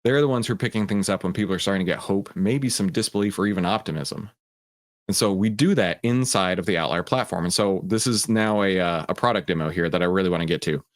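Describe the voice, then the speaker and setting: A man hosting a stock market show, explaining in a casual, conversational way with frequent asides. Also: on the low side. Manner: animated storyteller who acts out voices.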